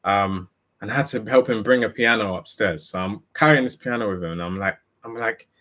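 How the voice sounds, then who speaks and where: Young male speaker, low-pitched, candid storyteller who stumbles and repeats words. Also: a little fast, bright, forceful tone. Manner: earnest and candid, repeats and restarts phrases. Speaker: motivational speaker. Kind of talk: personal storytelling talk.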